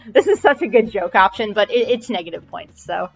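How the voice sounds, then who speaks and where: A woman's voice: mid-range voice, moderate pace, gravelly, slightly rough. A woman streamer reading a visual novel aloud, stopping for chatty asides about the game. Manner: chatty asides, laughing at typos. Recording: dull audio with faint game music.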